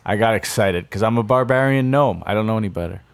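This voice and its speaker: A man's voice: on the low side, fast, gravelly, dry recording. A man playing a tabletop game, chatting casually in an eager, goofy way. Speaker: player.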